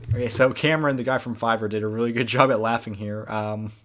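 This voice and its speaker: A man, the creator of an animated series, giving a casual, rambling director's commentary with many fillers. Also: medium pitch, a little fast, very noisy.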